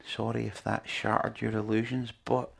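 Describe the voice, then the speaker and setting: A man's voice: on the low side, little pitch movement, normal speed, gravelly, slightly rough. A man preaching a sermon in an earnest, conversational way, with lots of rhetorical questions to his listeners.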